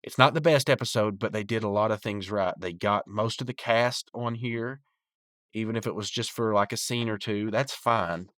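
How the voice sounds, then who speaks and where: A man's voice: on the low side, normal speed, a bit bright, no room sound, clean studio sound. A man hosting a podcast, recapping and reviewing a cartoon episode in a loose, rambling way with lots of fillers.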